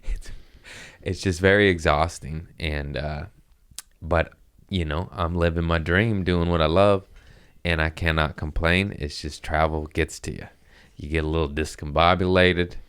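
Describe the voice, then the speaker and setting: A man's voice: low voice, steady tone, unhurried, fairly bright tone, clear, resonant tone. A man, a comedian hosting his own podcast, telling a rambling casual story with frequent laughs and asides to his cats.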